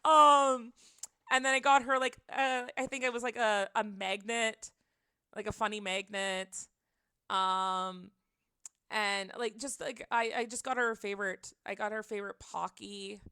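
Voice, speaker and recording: A woman chatting on a home livestream, rambling and giggly, with many filler words and sudden excited reactions to her chat. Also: medium pitch, a little slow, smooth, dry recording, studio quality. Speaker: streamer.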